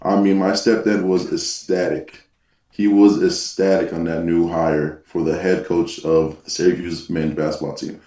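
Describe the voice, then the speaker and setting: A young man with a very low, dark, mellow voice talks easily as a football player guest. He sounds like he is on a remote call, set back from the mic in an echoey room. He speaks in a relaxed way, with frequent ums and nahs. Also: unhurried. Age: young adult. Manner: laid-back, uses fillers like um and nah. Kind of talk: casual interview chat. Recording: echoey, distant call audio.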